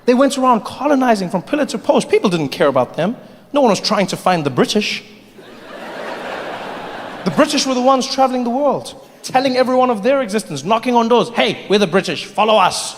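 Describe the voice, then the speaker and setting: A man performing stand-up comedy, telling animated stories in a large venue. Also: very high voice, brisk. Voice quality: animated, storytelling. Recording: long hall reverb, faint noise.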